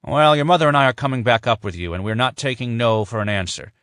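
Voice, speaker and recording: A man voicing a proud, caring older father with a warm, firm way of speaking. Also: mid-range voice, expressive, fast, smooth, dry recording, clean studio sound, voice pushed up, close to an everyday voice.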